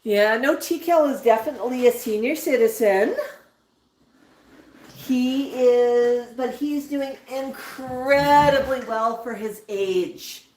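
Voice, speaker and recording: A woman with a slightly high voice speaks slowly on a casual livestream, using soothing baby-talk with her pet parrots between reading viewer comments. She's a parrot keeper in an echoey indoor room, heard from a distance, with faint noise and birds in the background.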